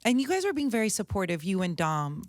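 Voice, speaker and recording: Brief: animated woman host, supportive interviewer, dry close studio mic. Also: medium pitch, no room sound. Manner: encouraging, quick short responses. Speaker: radio host. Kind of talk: interview hosting. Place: radio studio.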